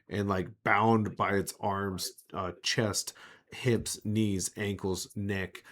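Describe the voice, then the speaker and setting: A man's voice: fairly low pitch, flat delivery, slow pace, fairly bright tone. A man narrating as game master of a tabletop role-playing game, rambling with many fillers. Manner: rambling, full of filler words and restarts.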